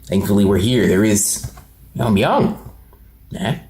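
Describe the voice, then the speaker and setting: A man's voice: lowish voice, big pitch swings, unhurried, a little mellow, slight background noise. Earnest young man, echoey room. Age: 20s. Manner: earnest, rambling, many fillers and restarts. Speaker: motivational channel host. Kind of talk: personal vlog monologue.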